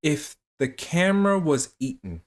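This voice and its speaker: A man's voice: a little high, very animated, measured pace. A man giving a sarcastic, exasperated comedic recap of a horror film, often laughing at it. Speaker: film reviewer. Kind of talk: comedic movie recap commentary.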